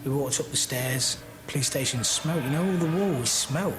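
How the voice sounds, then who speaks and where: A man giving an earnest, plain-spoken documentary interview, halting at times. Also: medium pitch, noisy background. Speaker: interviewee recounting arrest abroad. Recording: documentary interview with loud music bed.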